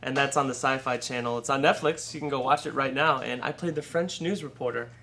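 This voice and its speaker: A man's voice: mid-range voice, a little fast, fairly bright tone, slight background noise. A man hosting a casual interview, chatty and joking with his guest. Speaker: talk show host.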